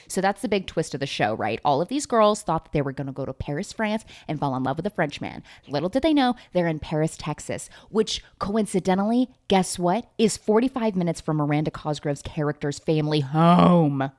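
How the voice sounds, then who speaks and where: A woman tells the story of a movie in a breathless, gossipy rush. Her voice sits a little low, then shoots up into loud, squealing outbursts and salty asides, and she talks as if she is chatting with a friend. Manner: fast, animated, profane, with big comic pitch jumps. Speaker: vlogger recapping a movie. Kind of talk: casual chat.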